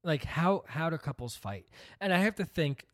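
A man's voice: fairly high pitch, animated, normal speed, dry recording, studio quality. A man co-hosting a casual podcast with his partner, talking in a wry, teasing way. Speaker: podcast co-host. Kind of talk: casual couple podcast chat.

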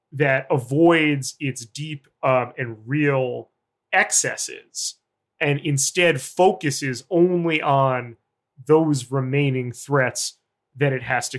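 A man, a journalist guest, giving long, deliberate analytic answers in an interview. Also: mid-range voice, a bit bright.

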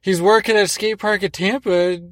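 Excitable man with a higher voice, dry sound. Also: moderate pace, no room sound. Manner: excitable, rambling, lots of fillers and swearing. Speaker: podcast host. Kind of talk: casual podcast interview.

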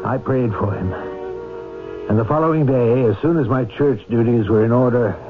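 An actor playing a devout priest who narrates and questions a troubled professor, in low, grave, measured tones, in a 1970s radio drama. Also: male voice, lightly acted. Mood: solemn. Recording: tinny old radio broadcast with music.

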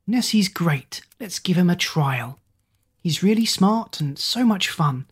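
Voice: mid-range voice, animated, slow, breathy edge. A reader voicing a once-strict headmistress who now speaks cheerfully and approvingly.

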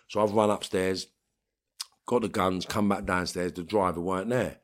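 A man's voice: deep voice, fairly even intonation, brisk. A middle-aged man with a London accent, telling blunt streetwise stories as an interview guest. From England. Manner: blunt streetwise storytelling, swearing, acts out voices in quotes. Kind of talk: storytelling in an interview.

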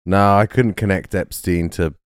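A man co-hosting a podcast, teasing the others with dry humor. His voice is low and smooth. The sound is dry and close. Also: steady tone, normal speed, dry recording. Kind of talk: casual chat.

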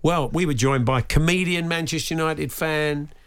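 A man's voice: a little high, moderate pace, a bit bright, clear, resonant tone. A man co-hosting a radio show, bantering casually and telling stories with playful put-on voices.

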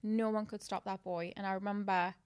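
A woman's voice: medium pitch, a little fast, clear, resonant tone. A young woman, chatting casually as a podcast guest and telling stories animatedly. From England. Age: 20s. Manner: animated storytelling, lots of "like".

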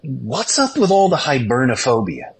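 A man's voice: mid-range voice, sing-song, moderate pace, breathy edge. A man calling in to a podcast, delivering a mock-indignant, wordy rant. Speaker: caller. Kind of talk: phoned-in comedic rant.

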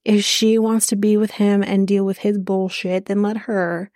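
A woman's voice: medium pitch, little pitch movement, normal speed, dark tone, no room sound, clean studio sound. A woman hosting a podcast, recapping a reality show in a casual, sarcastic, blunt way with plenty of swearing. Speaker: podcast host.

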